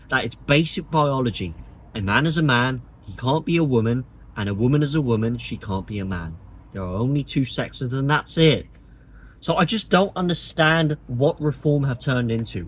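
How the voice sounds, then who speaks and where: A man's voice: medium pitch, slightly rough. A man delivering a sarcastic, indignant opinion monologue to camera as a political vlogger.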